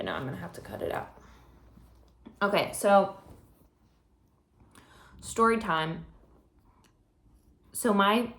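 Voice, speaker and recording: Teen girl vlogger, relaxed unhurried storytelling, lots of "like", roomy echo. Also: fairly low pitch. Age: teens. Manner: chatty storytelling with many fillers. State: slightly out of breath. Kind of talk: casual vlog chat.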